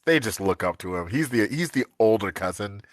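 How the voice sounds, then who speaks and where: A man from the United States chatting casually on a live stream as co-host, telling animated family stories and laughing often. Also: on the low side, a little fast, no room sound.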